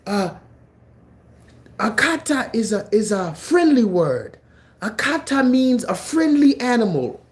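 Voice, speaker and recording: A man imitating a condescending man who explains away an insult in a high, mocking voice. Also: big pitch swings, takes it slowly, exaggerated voice.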